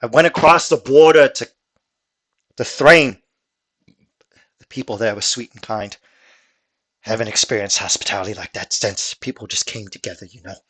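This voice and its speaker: A man's voice: fairly low pitch, normal speed, long pauses, fairly bright tone, breathy edge. A man voicing a tipsy male human veteran who tells a rambling, folksy tall tale in a tabletop game. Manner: folksy, rambling storyteller drawl. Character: drunk male human veteran telling war stories.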